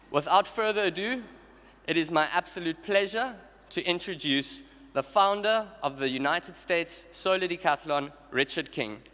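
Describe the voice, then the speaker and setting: A man introduces the next speaker at an award ceremony in a measured, scripted way. His voice sits a little higher than most men's. Long hall reverb trails after his words. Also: a bit bright. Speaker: ceremony presenter. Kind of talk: formal introduction speech.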